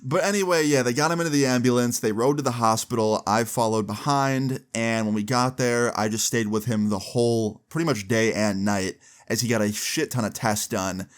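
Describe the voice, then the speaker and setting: Animated young man telling a story. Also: mid-range voice, moderate pace, hardly any pauses, clean tone. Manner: animated, casual, swears freely. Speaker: vlogger. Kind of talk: storytime vlog.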